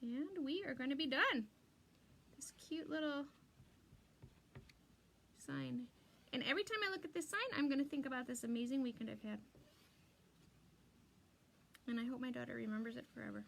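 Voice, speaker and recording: A woman's voice: high-pitched, lively intonation, moderate pace, vocal fry, long pauses, a bit bright, a little hiss or hum. A middle-aged woman hosting a live crafting stream, chatting and rambling while she works and reads viewer comments aloud. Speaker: craft livestream host. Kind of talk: live crafting demo chat.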